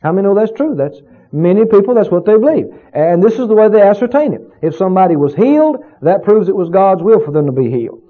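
Emphatic high-voiced preacher man. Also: very animated, fast. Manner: emphatic, rhetorical questions to the congregation. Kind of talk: sermon. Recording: dull lo-fi recording.

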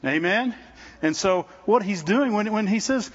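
A man's voice: high voice, lively intonation, a little slow, highs cut off. A man preaching to a congregation as a visiting speaker, talking conversationally with frequent restarts and often calling out "Amen?" to the room. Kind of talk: sermon. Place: church service with congregation.

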